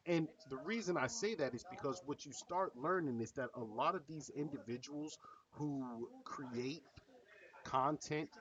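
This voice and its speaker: A man's voice: mid-range voice, unhurried, a bit bright, far from the mic. Male reaction host, blunt and profane, set back from the mic, muffled sound. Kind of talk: casual reaction commentary.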